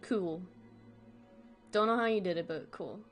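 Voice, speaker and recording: A woman's voice: lowish voice, measured pace, soft background music. A woman streaming a casual, joking, rambling reaction to a horror series. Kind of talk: casual livestream commentary.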